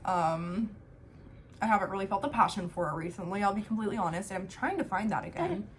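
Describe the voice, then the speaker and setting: A young woman vlogging at home, talking openly and thoughtfully with lots of casual fillers. Her voice sits at an ordinary middle pitch, and a faint hum of noise runs under the recording. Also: animated, fast. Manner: candid, reflective, many "um" and "like" fillers. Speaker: family vlogger. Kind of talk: casual talk to camera. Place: home, with a baby in her arms.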